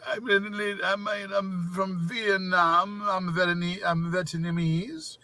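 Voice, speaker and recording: A man's voice: high voice, little pitch movement, slow pace, bright, forceful tone, full character voice. A man putting on a mocking voice as a rambling, repetitive internet troll. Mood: mocking, giggly. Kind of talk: mocking parody monologue.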